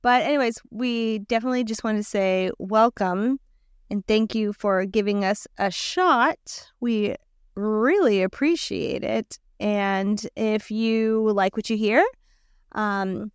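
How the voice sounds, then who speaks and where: Woman, podcast co-host, chatty and giggly, smooth clear voice. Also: mid-range voice, takes it slowly, dry recording, studio quality. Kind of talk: casual conversational commentary.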